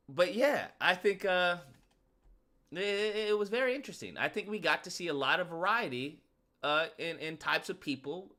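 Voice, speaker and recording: A man's voice: fairly high pitch, sharp tone. A man giving casual comedic commentary, slangy and joking, firing off rhetorical questions. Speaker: YouTube commentator.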